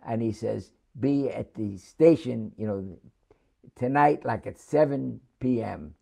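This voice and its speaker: Gravelly older man. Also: mid-range voice, dark tone. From New York City. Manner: chuckling anecdotal storyteller, halting restarts. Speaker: war veteran interviewee. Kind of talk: oral history storytelling.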